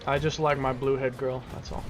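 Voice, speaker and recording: A man's voice: mid-range voice, flat delivery, a little fast, soft background music. A young man streaming a game, chatting casually, swearing and joking back at his chat. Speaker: gaming streamer. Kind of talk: casual profane gameplay commentary.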